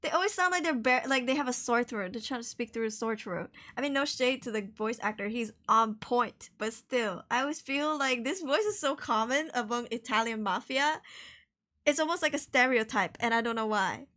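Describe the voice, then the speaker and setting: A woman's voice: on the high side, expressive, moderate pace, fairly bright tone. A woman streamer chatting through a game trailer watch-along, giggly and reactive.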